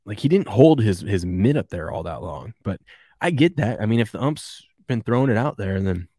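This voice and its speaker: Man, sports show host, low voice, dry sound, casual rambling chat. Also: a little mellow, no room sound. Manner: rambling, chuckling, reads viewer comments.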